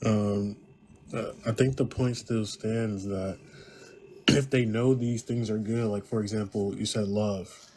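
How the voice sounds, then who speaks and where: A man calling into a livestream, arguing a point in a measured way with hesitations. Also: fairly low pitch, fairly even intonation, dark tone, a little hiss or hum. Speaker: caller. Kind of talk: casual debate.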